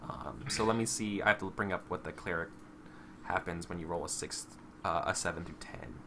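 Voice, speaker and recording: A man's voice: deep voice, brisk, gravelly, noisy background. A man running a tabletop game as game master, narrating with lots of fillers and restarts. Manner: hesitant, full of fillers and restarts.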